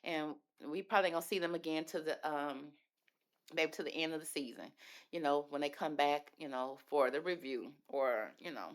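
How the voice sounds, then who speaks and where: A woman's voice: deep voice, moderate pace. A woman hosting a casual reality TV recap, chatty and gossipy, calling listeners "baby" and acting out the people she discusses. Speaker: reality TV commentary host.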